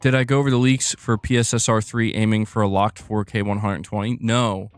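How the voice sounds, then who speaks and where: A man's voice: lowish voice, level tone, fairly quick, clean tone, faint music behind. A man hosting a casual live stream about video game news, chatting loosely and reacting to his chat with frequent laughs.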